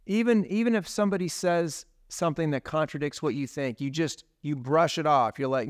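A man's voice: on the high side, fairly quick, hardly any pauses, no room sound, clean studio sound. A man preaching a sermon as a pastor in a conversational way, tossing in tag questions and casual asides.

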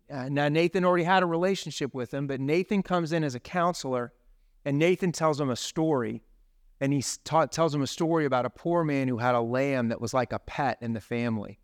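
Male pastor, fairly high, smooth clear voice, dry close sound, chatty sermon delivery. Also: a little fast, dry recording. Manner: conversational, with tag questions and asides.

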